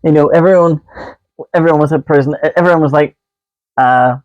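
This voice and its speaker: A man's voice: fairly high pitch, fairly quick, a little mellow, no echo, dull audio. A man co-hosting a podcast, joking in a casual chat, laughing often and going off on rambling asides. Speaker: podcast co-host.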